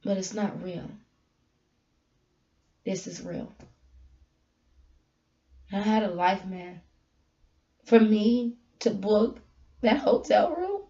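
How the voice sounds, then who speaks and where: A woman giving a candid, emotional personal message, moving between soft, quiet lines and loud, emphatic ones. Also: mid-range voice, drawn-out words, pauses often, dull audio. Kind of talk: heartfelt personal talk, sermon-like.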